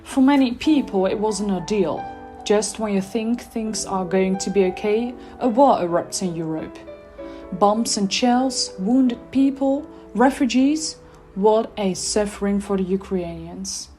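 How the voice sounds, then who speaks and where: Mellow Dutch-accented woman reading devotionally. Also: medium pitch, faint music behind. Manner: earnest, measured reading of a prepared text. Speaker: church podcast presenter.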